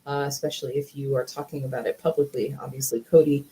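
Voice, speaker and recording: A woman's voice: extremely low pitch, flat delivery, fast talker, dark tone, slight background noise, low-quality recording. A woman co-hosting a wrestling review show in casual chat, talking through opinions and reading viewer comments. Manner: chatty, analytical, reads viewer comments.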